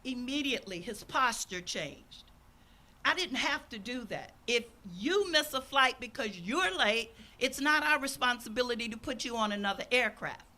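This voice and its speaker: Older woman minister, sermon, earnest storyteller, bright voice, fairly high. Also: lively intonation, moderate pace. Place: outdoor service.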